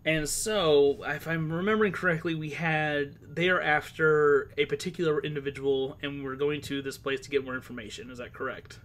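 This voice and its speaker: A man's voice: on the high side, fairly even intonation, normal speed, few pauses, a bit bright. A man with a slightly sore throat chatting casually and rambling as the game master of an online tabletop game, swearing now and then. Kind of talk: casual game stream chat.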